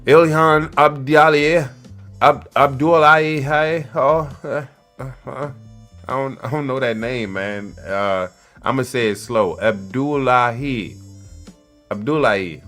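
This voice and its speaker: A man with a middle-pitched voice riffs loudly and excitedly, mixing slang and side jokes with stretches of reading aloud. Faint music plays quietly in the background. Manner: loud, excitable, slangy, jokey asides to viewers. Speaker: commentary podcaster. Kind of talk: casual commentary, reading articles aloud.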